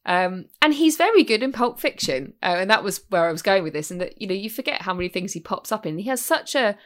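A woman co-hosting a podcast in casual chat, animated and swearing freely, often restarting her sentences. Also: mid-range voice, fast talker. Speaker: podcast co-host.

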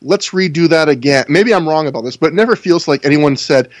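A man's voice: on the high side, brisk, no echo. A man co-hosting a casual podcast chat, wry and sarcastic, laughing often as he talks. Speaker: podcast co-host. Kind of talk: casual chat reviewing wrestling.

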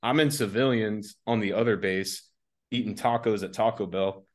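An American army veteran, appearing as a podcast guest, tells a rambling, laid-back anecdote and laughs along as he goes. His voice is on the low side, at a moderate pace.

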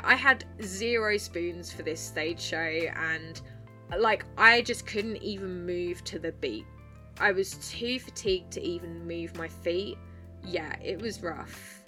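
A woman's voice: mid-range voice, sharp tone. A young woman hosting her own podcast, telling club stories in a chirpy, bubbly way with plenty of swearing. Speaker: podcast host and club dancer. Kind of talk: casual storytelling monologue.

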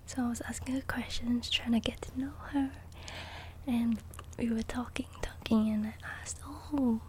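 A young woman, a little congested, chatting in soft-spoken ASMR and rambling through a story with lots of "okay?". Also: fairly high pitch, steady tone, normal speed, a little hiss or hum. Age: young adult. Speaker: ASMR creator.

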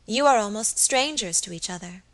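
A woman's voice: medium pitch, expressive, normal speed, fairly bright tone, natural voice. A woman reading the part of a pretty, anxious young lady of the house who talks eagerly.

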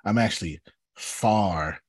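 A man, a bishop, giving an animated teaching talk on a video call, emphatic and repetitive, calling on listeners by name. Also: lowish voice, takes it slowly, husky, no echo. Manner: emphatic, repeats himself, calls on listeners by name.

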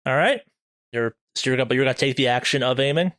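A man running a horror tabletop game as game master, narrating monsters in a deliberate, vivid way with quick rules asides. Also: mid-range voice, fairly bright tone, no room sound.

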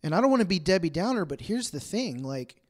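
A pastor preaches a conversational sermon to his congregation, chatty and acting out bits of everyday dialogue in asides. His voice is high-pitched with big pitch swings, and he talks quickly.

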